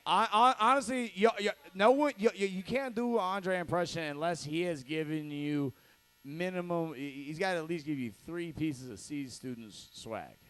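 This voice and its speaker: A man's voice: fairly high pitch, moderate pace, fairly bright tone. A man hosting a comedy show, rambling through profane, loose banter and laughing at his own jokes. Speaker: show host. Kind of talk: loose stand-up banter on stage.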